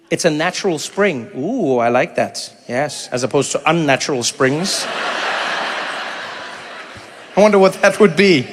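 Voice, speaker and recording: A South African comedian in his forties does stand-up and crowd work at a comedy venue, animated and voicing little characters while laughing along with the live audience. His voice is a little high and echoes in a large hall.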